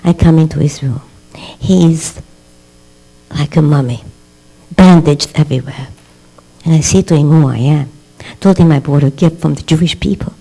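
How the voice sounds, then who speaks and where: An older woman tells a story to her class as a dramatic storyteller. Her voice sits low and mellow, with little brightness. A steady mains hum runs faintly under the recording. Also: normal speed, vocal fry, long pauses, husky, soft background music, rough recording. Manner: dramatic storyteller who acts out quoted voices. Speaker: rebbetzin teaching a class. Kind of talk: storytelling lecture.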